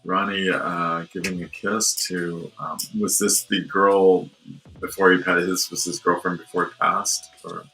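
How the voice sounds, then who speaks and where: A man's voice: deep voice, flat delivery, a little slow, sharp tone, faint music behind, low-quality recording. A man hosting a podcast interview in casual chat, talking hesitantly with many fillers and restarts. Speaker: podcast host.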